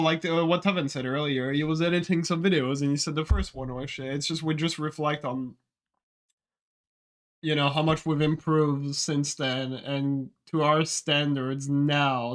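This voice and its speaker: A man chats with his stream viewers, his voice a little higher than most. He wanders through his thoughts with hesitant restarts and filler words. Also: a bit bright. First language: French. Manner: rambling, hesitant, many restarts. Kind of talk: casual live-stream chat, answering viewers.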